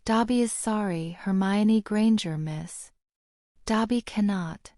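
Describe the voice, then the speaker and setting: A woman's voice: medium pitch, slow pace, mellow, dry recording, clean studio sound, natural voice. A woman voicing a timid, servile male house elf who speaks of himself in the third person, read as an audiobook character. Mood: anxious pleading.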